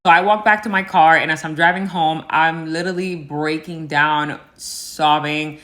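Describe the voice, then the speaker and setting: A woman's voice: sits low, steady tone, normal speed, hardly any pauses, a bit bright. A woman telling a personal storytime in a casual, conversational way, full of likes and fillers. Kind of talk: storytime monologue.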